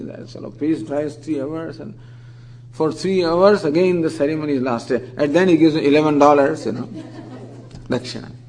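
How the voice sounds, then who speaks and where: Man teaching scripture, slightly higher voice. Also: rough recording. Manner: explanatory, reciting Sanskrit terms slowly, then expanding in English. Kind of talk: scripture lecture.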